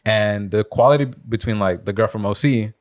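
Deep-voiced young dude rambling on a podcast, lots of likes and swearing. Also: male voice, moderate pace. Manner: rambling storytelling, many fillers, swears. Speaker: podcast host. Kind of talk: casual chat.

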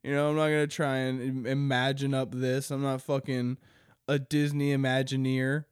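Young male podcast host, solo, crude and rambling, clear voice, dry close sound. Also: medium pitch, level tone, moderate pace, dry recording. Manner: rambling, crude, laughs often. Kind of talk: casual solo podcast chat.

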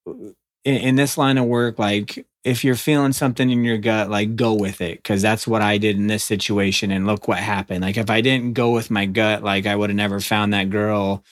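A man's voice: fairly low pitch, little pitch movement, moderate pace, no echo, studio quality. A man in his thirties co-hosting a podcast, chatting casually with lots of ums and likes. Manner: rambling, lots of fillers. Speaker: podcast co-host. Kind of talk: casual chat.

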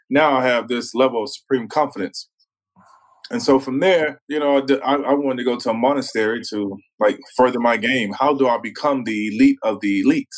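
A former pro football player, appearing as a podcast guest, tells stories in a casual interview at a fairly quick clip. His medium-pitched voice is laid-back, he often says "man," and he acts out what others said. The audio is poor.

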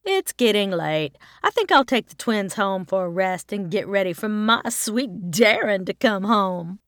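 A woman voicing a playful, knowing older sister who teases in a drawn-out, mischievous way. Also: medium pitch, lively intonation, fairly bright tone, no room sound, clean studio sound.

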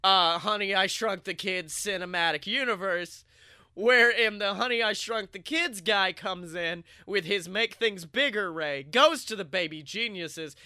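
A man from Alabama co-hosting a comedy podcast, riffing excitably in casual chat. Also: sits high, a little slow, clean tone, dry recording, studio quality. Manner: excitable, riffing, lots of voices. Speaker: podcast co-host.

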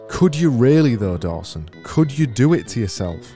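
A man's voice: mid-range voice, sing-song, normal speed, dark tone, faint music behind. A man with a Yorkshire accent hosting a casual solo podcast, reading out listener messages in a dry, sarcastic, rambling way on a studio mic. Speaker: podcast host. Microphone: studio mic with mixer.

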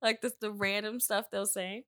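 A woman co-hosting a casual chat, expressive and quick to laugh. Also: mid-range voice. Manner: lively, expressive, laughs often.

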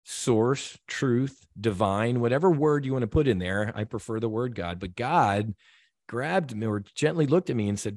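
A man's voice: medium pitch, expressive, moderate pace, darkish tone, no echo, studio quality. A man guest on a podcast, telling a personal story in an earnest, heartfelt way, with many restarts and repeated words.

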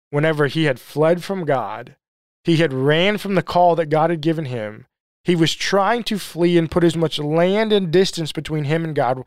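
A man teaching a sermon-style Bible study in a slightly high voice. He speaks earnestly, presses his points through repeated phrases and rhetorical questions, and the sound is close and dry with no room echo. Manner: leans hard on repeated phrases.

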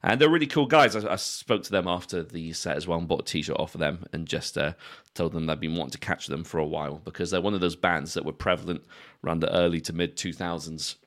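A young man from the UK with a very low, deep voice talks casually on a podcast. He rambles through asides, swears freely and laughs often. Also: quick pace, few pauses, a bit bright. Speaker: podcast co-host.

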